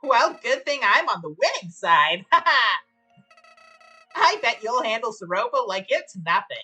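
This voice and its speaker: A woman's voice: fairly high pitch, very animated, a little slow, pushed and bright, breathy edge, soft background music, pitched above the performer's own voice, full character voice. Flowey, a smug sing-song flower, voiced by a woman. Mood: sly. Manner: gloating, sing-song taunting. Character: smug, mocking talking flower, male. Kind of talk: reading game dialogue on a stream.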